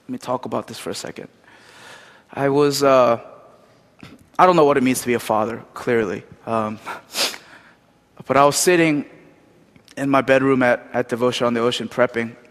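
A pastor giving a sermon in a storytelling way, animated, with many fillers. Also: male voice, mid-range voice, moderate pace, pauses often. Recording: long hall reverb.

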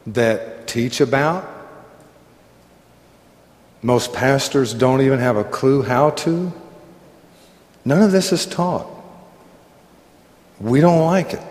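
Slow-preaching man in a reverberant hall. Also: mid-range voice, a little mellow. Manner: conversational preaching with asides and throat clearing. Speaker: pastor. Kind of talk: sermon.

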